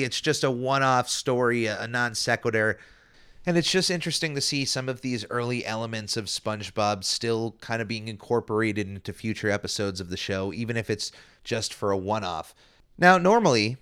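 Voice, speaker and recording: A man's voice: mid-range voice, a bit bright, clear, resonant tone. A young man hosting a solo podcast, chatting and explaining in a casual way with frequent restarts and fillers. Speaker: podcast host.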